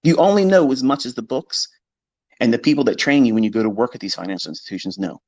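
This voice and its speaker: A man's voice: medium pitch, fast talker, a little mellow, no room sound. A man giving a blunt, profane, combative monologue about trading, mimicking his critics along the way. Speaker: trading educator. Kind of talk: unscripted monologue lecture.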